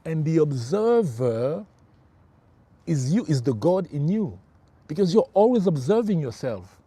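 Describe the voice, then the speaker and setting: A man's voice: fairly high pitch, sing-song, measured pace, mellow, slightly rough, no room sound. A middle-aged man working as a spiritual life coach, giving an emphatic motivational livestream talk. He repeats his key phrases and calls his listeners bro.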